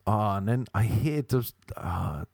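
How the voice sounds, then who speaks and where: A man's voice: fairly low pitch, animated, slow, vocal fry, a little mellow, husky, dry recording, studio quality. An Irish man, a comedian, telling profane stories in casual chat, laughing and acting out other people's lines. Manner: profane, laughing, acts out quoted voices. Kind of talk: casual comic storytelling.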